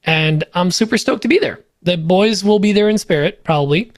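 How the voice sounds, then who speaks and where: Man, native Polish speaker, high voice, dry close sound; upbeat, jokey sponsor read. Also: moderate pace, no echo. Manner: upbeat, joking, loose with fillers. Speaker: podcast co-host reading sponsor spots. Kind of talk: casual ad read on a podcast.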